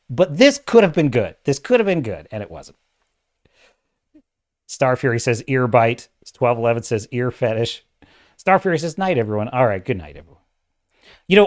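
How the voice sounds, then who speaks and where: Male livestream host, loose and rambling, quick to laugh, mid-pitched voice. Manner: rambling, animated, laughs often, reads chat aloud. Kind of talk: casual livestream chat.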